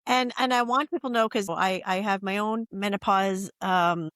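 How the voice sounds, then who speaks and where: A woman's voice: mid-range voice, moderate pace, a bit bright, no echo, studio quality. A woman hosting a podcast who encourages her guest and speaks directly to listeners. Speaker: podcast host. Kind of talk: casual interview talk.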